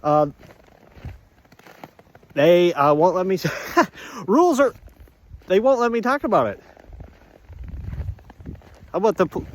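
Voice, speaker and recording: Playful male vlogger with a high voice, unhurried and drawn out, rambling sing-song chat on a walk. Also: lively intonation. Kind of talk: casual walk-and-talk vlog. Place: outdoors on a walk.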